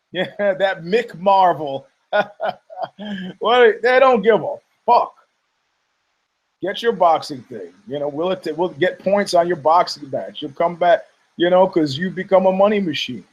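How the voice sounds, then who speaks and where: The man hosting this podcast has a high-pitched, darkish voice and an unhurried delivery, heard on a muffled recording. He casually rants about fight news, rambling and swearing, laughing often and mocking people with put-on voices.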